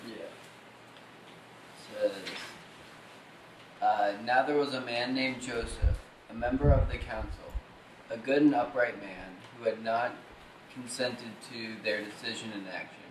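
A man in a study group reading scripture aloud in a plain, unhurried way. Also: medium pitch. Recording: echoey room, faint background noise.

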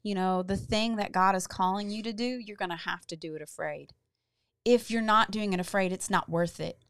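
A woman co-hosting a casual faith-based podcast, telling stories in an earnest, encouraging, animated way. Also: mid-range voice, moderate pace, clear, resonant tone, no room sound. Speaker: podcast co-host.

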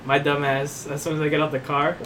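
A man's voice: a little high, monotone, a little fast. A man telling a funny first-date story to friends, teasing and laughing a lot. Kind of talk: casual storytelling among friends. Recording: distant mic with background noise.

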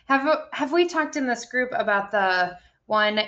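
A woman's voice: on the high side, expressive, unhurried, fairly bright tone, muffled recording. A woman in her thirties chatting candidly about a parenting book, swearing freely. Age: 30s. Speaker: podcast co-host discussing a book. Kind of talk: casual book-club chat.

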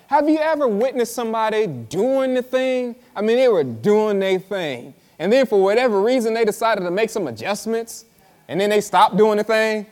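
This pastor's voice sits high, with a sing-song lilt and a darkish tone. He preaches with slow, dramatic emphasis, stretching words and repeating lines while talking conversationally to the congregation and telling them to listen. The live sermon carries hall reverb.

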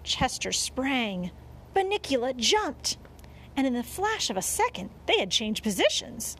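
A woman narrating a children's audiobook in an expressive storytelling manner. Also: sits high, measured pace, a little hiss or hum.

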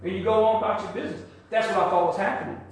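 An older man preaching a testimony sermon in a church, building from quiet storytelling to shouted praise. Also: sits high, fairly even intonation, rapid-fire. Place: church sanctuary. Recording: very echoey church hall.

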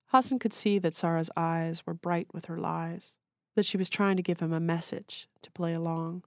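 A woman author reading her own short story aloud in a measured, literary way. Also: lowish voice, steady tone, a little mellow, no room sound, studio quality.

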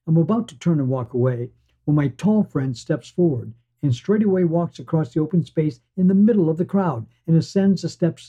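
A man narrating a first-person story for a podcast in a measured, wistful way. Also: a little high, mellow. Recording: dull lo-fi sound.

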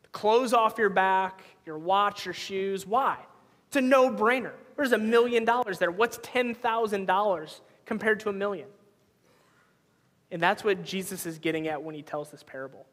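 A man in his thirties with a notably high voice delivers a sermon, talking in an easy, storytelling way. His words ring out with a long reverb, as if he were in a large church hall. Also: normal speed, fairly bright tone. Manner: conversational, storytelling with personal anecdotes. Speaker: pastor.

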